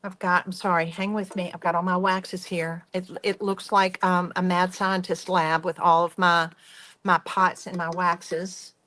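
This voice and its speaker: An enthusiastic woman, possibly in her fifties or older, hosting a live demonstration of soap-making crafts and chatting warmly to her viewers. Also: lowish voice, flat delivery, unhurried. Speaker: workshop host.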